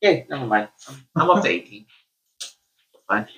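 A man player in casual tabletop game chat, quickly checking and correcting the rules. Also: medium pitch, big pitch swings, a bit bright. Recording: echoey room.

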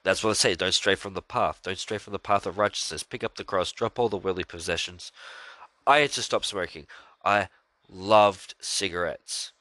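A man's voice: deep voice, moderate pace, pushed and bright, no echo. A man hosting a podcast, talking earnestly and rambling about his faith, with frequent fillers and sighs. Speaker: podcast host. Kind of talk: casual religious monologue.

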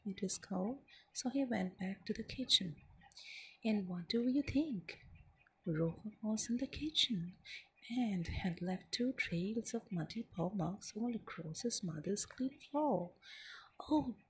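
A woman reading a children's story aloud in gentle whispered ASMR storytelling. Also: mid-range voice, animated, a little slow, a little hiss or hum, low-quality recording. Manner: gentle, soft-spoken, often whispering.

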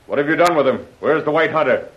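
A man's voice: fairly high pitch, fast talker, roomy sound, close to an everyday voice. A man playing an impatient, menacing radio villain. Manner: cold, threatening. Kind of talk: 1940s radio acting. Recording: muffled old radio transcription.

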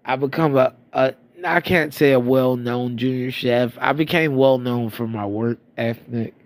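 Speaking at a measured pace in a medium pitch with no room sound, this thirtysomething storyteller from Florida rambles through profane tales of his past. The monologue is casual and self-mocking, and his voice is slightly stuffy-nosed.

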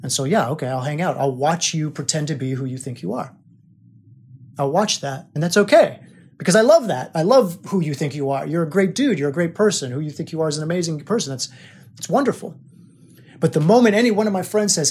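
A man with a husky, slightly breathy voice hosts his own podcast as a spiritual coach. He drives each idea home with emphatic, repeated phrases, sounding like a teacher pressing his listeners to change. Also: a little high, animated, brisk, darkish tone. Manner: emphatic, repetitive teaching delivery.

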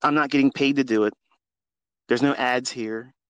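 A man hosting a live audio space, speaking into a phone in an earnest, preachy, profane monologue that swings from quiet to loud. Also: medium pitch, fairly even intonation, moderate pace, clean tone, no echo, dull audio. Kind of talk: impassioned unscripted monologue.

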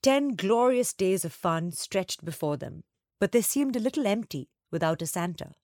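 A woman reading a children's story aloud, with expressive, varied delivery. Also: mid-range voice, normal speed, dry recording, clean studio sound.

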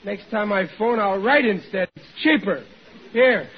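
An actor playing a blundering, good-hearted working-class husband with a Brooklyn accent, stammering and flustered in 1940s radio acting. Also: male voice, sits high, animated, a little slow. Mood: blustering. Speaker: sitcom lead. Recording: muffled old radio broadcast with faint hiss.

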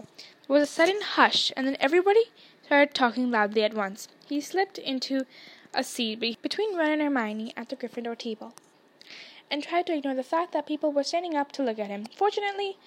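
High-voiced woman reading a novel. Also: fairly quick. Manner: steady storybook narration. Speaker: podcast reader.

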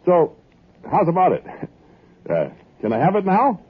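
An actor narrating as a folksy, earnest angel messenger in a 1940s radio drama, with a storytelling drawl. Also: male voice, high voice, huge pitch swings, unhurried, exaggerated voice. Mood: indignant. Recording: tinny old radio broadcast, loud music.

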